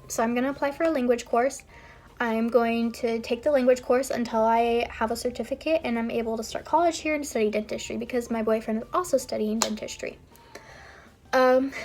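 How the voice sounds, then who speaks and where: A woman's voice: on the high side, a little mellow. A young woman vlogging, telling a personal story in a casual, rambling way with frequent fillers. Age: young adult. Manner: chatty, rambling with frequent ums and likes.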